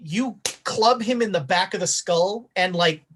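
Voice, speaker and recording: Husky-voiced woman running a tabletop game. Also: medium pitch, measured pace, fairly bright tone, poor audio. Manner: loose and chatty, many fillers. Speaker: game master.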